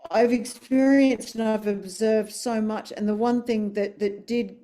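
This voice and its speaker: A woman's voice: a little high, fairly even intonation, unhurried, warm tone. A woman, a dialogue coach speaking on a webinar panel over a video call, effusive and emphatic.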